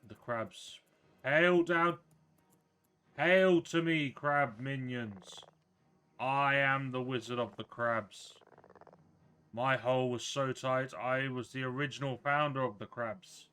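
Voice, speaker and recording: A man's voice: slow, sharp tone, clear, resonant tone. A man voicing a pompous self-crowned male wizard who bellows commands at his crab minions, improvised while gaming. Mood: grandiose commanding. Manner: booming, grandiose proclamations.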